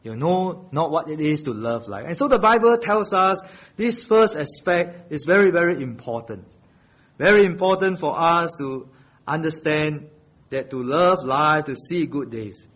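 A man's voice: animated, unhurried. Emphatic preaching man, lo-fi. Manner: emphatic preaching with wide swings in pitch and loudness; repeats key phrases, asks congregation questions. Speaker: pastor. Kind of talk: sermon.

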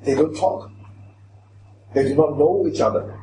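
A man's voice: on the high side, unhurried, dark tone, a little hiss or hum. A man preaching a sermon, emphatic, questioning the congregation directly. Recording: echoey hall with faint ambience.

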